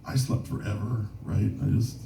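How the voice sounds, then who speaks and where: A Minnesota musician on tour fills the gaps between songs at a bar gig with rambling, self-deprecating stories. His lowish, warm voice has vocal fry and a steady tone at a moderate pace, captured by a distant mic in a roomy venue with slight background noise.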